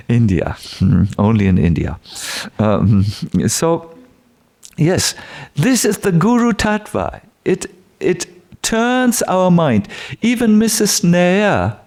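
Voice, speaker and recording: Unhurried male spiritual teacher, gravelly voice, lively pitch, chuckles through his devotional stories. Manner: unhurried, chuckling, many fillers. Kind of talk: devotional storytelling lecture.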